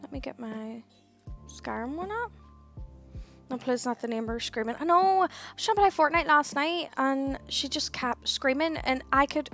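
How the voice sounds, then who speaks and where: A woman's voice: high-pitched, moderate pace, fairly bright tone. A young woman streaming from home and casually chatting with her viewers in a tired, yawning way, reading their messages and answering them. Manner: chatty, reads and answers viewer chat, sighs and laughs at herself. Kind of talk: casual live-stream chat. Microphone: headset. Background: faint game music.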